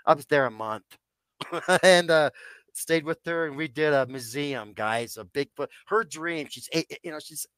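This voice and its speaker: A man's voice: a little high, a little slow, fairly bright tone, smooth, dry recording. A man in his sixties, a podcast guest, telling a personal story in a rambling way and calling his listeners "guys". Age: 60s.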